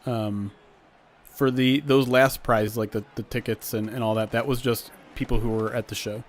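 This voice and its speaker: A man's voice: medium pitch, fairly even intonation, normal speed, a little hiss or hum. A young man hosting a live stream, chatting casually with viewers and calling plays from a football game simulation. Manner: chatty, reads chat aloud, gets loud at big plays.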